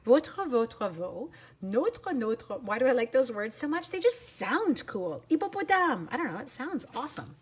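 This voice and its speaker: A woman's voice: on the high side, sing-song, darkish tone, slightly rough. Bubbly woman, craft live stream. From Canada. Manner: bubbly, chatty, quick to laugh. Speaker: papercraft demonstrator and teacher. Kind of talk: live craft tutorial chatting with viewers.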